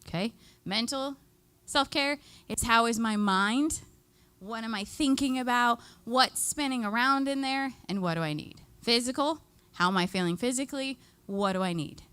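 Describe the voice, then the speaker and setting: Woman, upbeat educator, lively group workshop, fairly high voice, dry close sound. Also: clean tone, no echo. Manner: upbeat, chatty, leads the group in exercises; laughs often. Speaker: extension educator. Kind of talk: live workshop talk.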